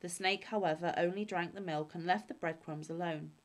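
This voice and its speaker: Woman reading fairy tales, lowish voice, calm and measured. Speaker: storyteller. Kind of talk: fairy-tale read-aloud.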